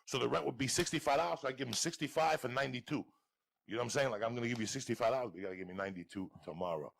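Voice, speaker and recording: A man with a New York accent telling wild, profane stories as a podcast guest, breaking into booming laughs. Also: racing, creaky. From Cuba. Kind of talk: storytelling on a podcast.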